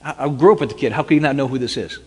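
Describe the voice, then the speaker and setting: A man's voice: medium pitch, very fast, slightly rough. A man giving a personal testimony as dramatic first-person storytelling, animatedly acting out the dialogue. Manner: animated, acts out quoted dialogue. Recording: long hall reverb.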